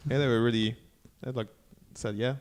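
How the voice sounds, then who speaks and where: A man's voice: mid-range voice, fairly even intonation, moderate pace, a crowd in the background. A young man co-hosting a podcast, answering dryly and briefly. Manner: brief dry replies. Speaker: podcast co-host. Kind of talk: casual chat.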